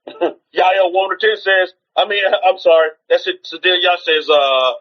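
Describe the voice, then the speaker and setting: A man's voice: fairly high pitch, takes it slowly, pauses often, dull audio. A man preaching in an informal teaching style on a livestream, exhorting his listeners, repeating rhetorical questions and often restarting his sentences.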